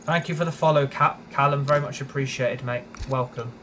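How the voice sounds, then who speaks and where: A man's voice: medium pitch, steady tone, fairly quick, a bit bright, a little hiss or hum. A young British man streaming a racing game, chatting casually, grumbling and swearing when frustrated. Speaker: gaming streamer. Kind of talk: live gameplay commentary.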